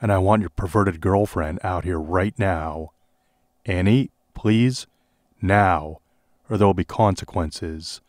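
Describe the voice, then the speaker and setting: Man reads as a cold, menacing jealous woman, deep and dry. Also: slow, darkish tone, dry recording. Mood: stern. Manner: stern, cold and threatening. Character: jealous young woman stalker, stern, menacing.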